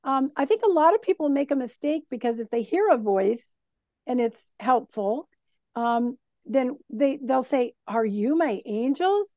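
Woman, high voice, dry close sound, animated storyteller, casual interview chat. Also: measured pace, no echo. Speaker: guest talking about spirit guides.

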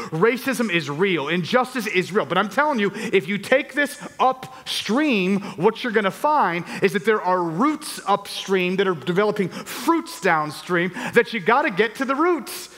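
A man's voice: sits high, fairly bright tone. A middle-aged man preaching a sermon, telling a personal story and acting out his own reactions with animation. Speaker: pastor. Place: church hall. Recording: long reverb of a church hall.

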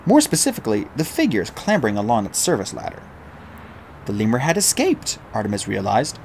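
A man reading a novel aloud as an audiobook narrator, with an animated, expressive delivery. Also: mid-range voice, brisk, a little hiss or hum.

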